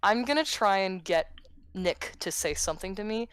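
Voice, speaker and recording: A woman's voice: medium pitch, animated, moderate pace, a bit bright, smooth, no echo. A woman playing a tabletop game, chatty and hesitant, often correcting herself. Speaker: player. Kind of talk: casual tabletop play.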